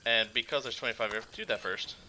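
Man, gameplay commentary, very bright sharp voice, mutters to himself, faint hiss. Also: on the low side, quick pace. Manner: muttering to himself, then loud excited outbursts. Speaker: gaming channel host. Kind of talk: casual let's-play commentary.

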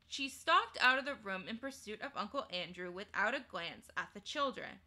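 A woman streamer reading a children's novel aloud in a measured, unhurried way. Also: mid-range voice, lively intonation, pushed and bright. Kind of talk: storybook read-aloud.

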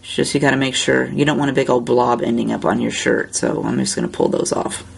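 A woman hosting a step-by-step coloring tutorial, talking in a relaxed, chatty way while she works. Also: extremely low pitch, fast, gravelly, a little hiss or hum. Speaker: crafting tutorial host.

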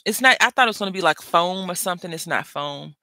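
This papercraft host, a parent of school-age children, keeps up casual, rambling chatter while crafting, often breaking off mid-thought. Speech is fast and expressive in a sharp-toned mid-range voice, with no room sound.

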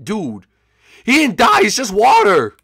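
A man voicing an excitable, bratty young turtle prince in a plush puppet comedy, high-pitched and saying dude a lot. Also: unhurried, breathy edge, heavily acted. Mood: excited.

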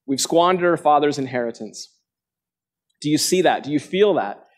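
A man preaching a sermon to a live congregation, earnest and direct, often asking the listeners questions and acting out quotations with big jumps in pitch. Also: animated, moderate pace. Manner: dramatic quotes with sharp jumps in pitch. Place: church gathering before a live congregation.

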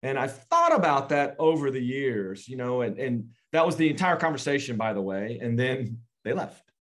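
A man, a guest in an interview, telling a family story earnestly and slowly with frequent pauses. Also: medium pitch, big pitch swings.

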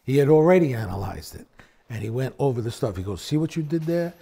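A gravelly-voiced bassist tells a lively story in a sit-down conversation, talking fast. He's an animated storyteller who acts out quotes with big pitch swings.

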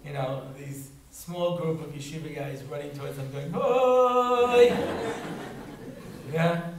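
A man's voice: on the high side, fairly even intonation, moderate pace, distant mic. A man giving a humorous Torah talk in a synagogue, telling stories and acting out voices. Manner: storytelling, breaks into voices and laughs. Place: synagogue hall. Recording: roomy hall recorded from afar, faint noise.

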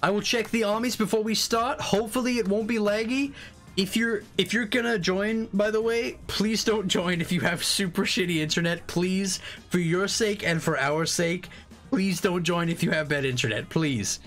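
A young man hosting a live game stream, chatting casually, excitable and swearing freely with rambling restarts. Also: high voice, moderate pace, soft background music.

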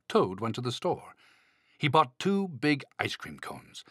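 A man reading a children's picture book aloud, slow and deliberate with a very animated, swooping pitch. The sound is dry and close, with no room around it. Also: husky, no room sound. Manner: slow, expressive read-aloud. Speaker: audiobook narrator.

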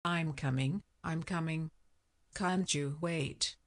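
A woman reading as a slow, placid tortoise. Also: low-pitched, voice pushed down. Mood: calm. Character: slow calm good-natured male tortoise.

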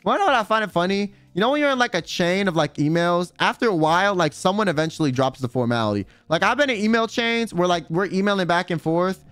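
A man's voice: sits high, animated, quick pace, few pauses, a bit bright, clear, resonant tone, no room sound, faint music behind. A man streaming in a casual chat, rambling and swearing freely, full of filler words. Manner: rambling, profane, full of "like" and "you know".

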